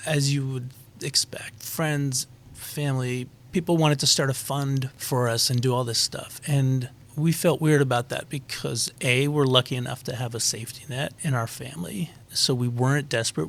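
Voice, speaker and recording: A man in his forties talks through his family story with candor and some reflection, his voice a little gravelly. His pitch sits at an everyday middle level for a man. The setting is a relaxed conversational interview. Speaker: guest musician.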